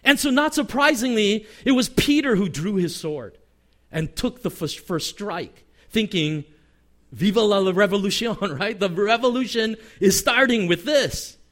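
A man preaching a sermon as pastor, acting out quoted lines and letting his voice drop low at the ends of phrases. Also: a little slow. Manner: animated, acts out quoted voices; drops pitch and volume at phrase ends.

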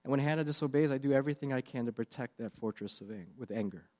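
A man's voice: medium pitch, fast talker, darkish tone, in a large hall. A man preaching a sermon with earnest, confessional questions. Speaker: pastor.

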